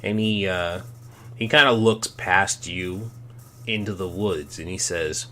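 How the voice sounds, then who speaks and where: A man's voice: low voice, bright, forceful tone, slight background noise. A man running a tabletop game as game master, narrating with many ums and restarts. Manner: halting, full of ums and restarts.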